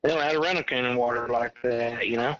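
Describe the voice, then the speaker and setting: A man, a podcast guest calling in by phone, telling a hunting story in a rambling, animated way. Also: medium pitch, quick pace, a little hiss or hum. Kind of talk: casual chat. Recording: dull lo-fi phone line.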